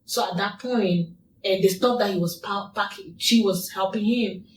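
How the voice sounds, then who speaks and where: A woman's voice: medium pitch, moderate pace, a little hiss or hum. A woman guest in an interview, telling a personal story in a repetitive, emphatic way. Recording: echoey room, distant mic.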